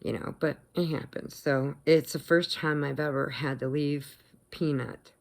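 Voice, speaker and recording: Low, gravelly-voiced woman telling a story. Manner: animated, emotional retelling, acts out quotes, laughs often. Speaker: vlogger. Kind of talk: casual storytelling to camera.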